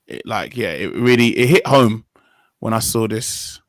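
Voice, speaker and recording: A man's voice: lowish voice, lively intonation, measured pace, no room sound, poor audio. A young man hosting a casual discussion, talking in an earnest, rambling way and often correcting himself mid-sentence. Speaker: podcast host.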